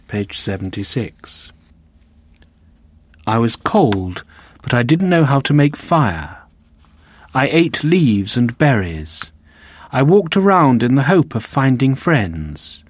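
A man slowly reading a simplified classic novel aloud for learners, including the page numbers, in an even, deliberate voice. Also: medium pitch, no room sound. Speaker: audiobook narrator. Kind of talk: reading a graded reader aloud.

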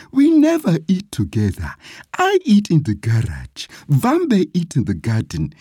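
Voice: mid-range voice, mellow, slightly rough, dry recording, studio quality, pitched above the performer's own voice, full character voice. A narrator voicing a frightened male painter who begs his coworker not to cause trouble. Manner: pleading, anxious.

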